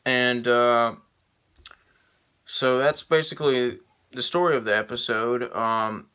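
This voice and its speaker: A man giving an unscripted video review, halting and full of ums and restarts. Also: medium pitch, pushed and bright, clear, resonant tone.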